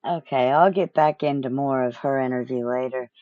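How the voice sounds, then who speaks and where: A woman's voice: very deep voice, moderate pace, narrow, tinny audio. A woman hosting a casual livestream, offhand as she manages video playback. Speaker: channel host.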